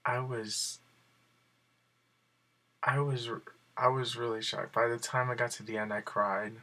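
A man telling a story in a casual video blog, excited and rambling, with lots of fillers. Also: mid-range voice, a little slow. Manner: excited and rambling, many fillers like "like" and "you know". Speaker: video blogger.

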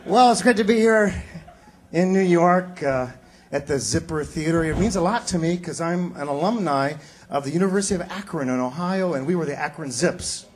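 A man doing a stand-up comedy set on a theater stage, delivering punchlines with animated energy and slipping into character voices. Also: on the high side, moderate pace. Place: theater stage before a live audience. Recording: live stage recording with loud audience laughter.

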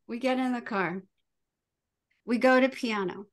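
Middle-aged woman on a podcast, high voice, animated anecdote teller. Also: measured pace. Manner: lively, acts out her children's voices. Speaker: podcast guest. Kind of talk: casual storytelling.

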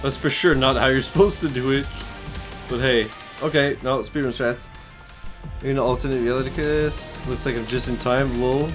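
A young man giving casual, excitable gameplay commentary, swearing and laughing often as he plays. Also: medium pitch, normal speed. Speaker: gaming streamer. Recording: loud game music behind the voice. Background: game music.

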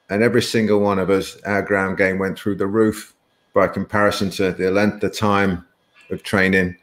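Chatty man hosting a webinar. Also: fairly low pitch. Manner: chatty, laughs often, rambling storytelling. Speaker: webinar host. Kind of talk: casual live webinar chat.

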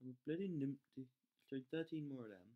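A gamer commentating live gameplay, excitable, yelling at troops, swearing and mocking themself. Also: medium pitch, fairly quick, phone-quality sound. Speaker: game channel host.

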